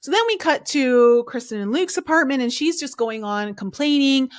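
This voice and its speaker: A woman's voice: high-pitched, normal speed, no echo, studio quality. A woman hosting a podcast, recapping a reality show in a casual, chatty way full of fillers and strong opinions. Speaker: podcast host.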